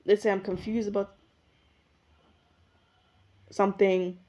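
A woman's voice: medium pitch, flat delivery, slow pace, dark tone, lo-fi sound. A young woman hosting her own podcast alone, thinking aloud in a rambling, reflective way and often correcting herself mid-sentence. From South Africa. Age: young adult. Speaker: podcast host. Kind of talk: casual solo podcast monologue. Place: indoors at her usual recording spot.

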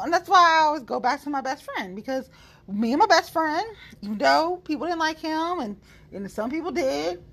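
Talking directly to her viewers, a woman political commentator riffs on local politics in an unscripted, foul-mouthed, sassy way. She has a high-pitched, somewhat bright voice with a slight roughness.

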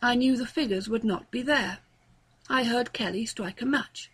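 A woman narrating a story aloud in a measured, even storytelling manner. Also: a little high, husky. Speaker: story reader. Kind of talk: audiobook narration.

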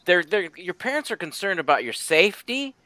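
A man chats on a podcast with a bright, bouncy voice that swoops up and down, rambling and restarting his sentences. He teases in a playful mock-expert tone, recorded close and dry. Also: high voice, very animated, fairly quick, dry recording. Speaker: podcast panelist. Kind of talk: casual podcast chat.

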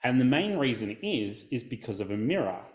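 Aussie guy chatting on a podcast, lively pitch, tells stories, echoey room. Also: fairly quick. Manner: animated, storytelling, acts out quotes. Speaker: guest, video coach. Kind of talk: casual podcast interview.

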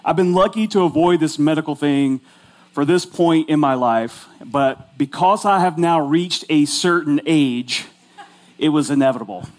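A man's voice: fairly high pitch, normal speed. A man in his forties, a pastor telling a funny personal story in his sermon in a chatty, self-mocking way, full of "like". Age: 40s.

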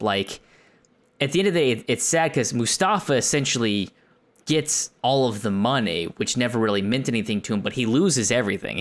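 A man talking casually about a film on a podcast, rambling with lots of fillers and getting animated when excited. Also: lowish voice. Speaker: podcast co-host.

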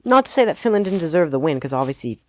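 A man's voice: fairly high pitch, big pitch swings, fast, dry recording. A man co-hosting a podcast, chatting casually about sports and hedging his picks with lots of "like"s. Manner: rambling, hedging, many "like"s. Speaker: podcast co-host.

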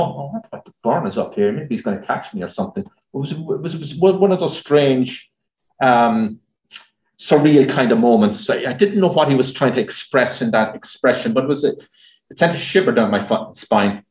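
In a mid-range, slightly mellow voice, a man from Ireland with an Irish accent responds to audience questions at a talk. A journalist and speaker, he's chatty and anecdotal and uses many fillers, and the recording carries a roomy echo.

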